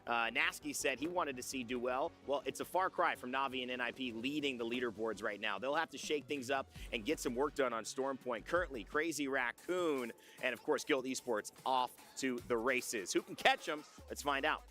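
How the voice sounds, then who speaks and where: A man casting esports with a crisp broadcast delivery. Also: medium pitch, normal speed, sharp tone. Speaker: esports caster. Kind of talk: esports commentary. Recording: broadcast with faint music behind.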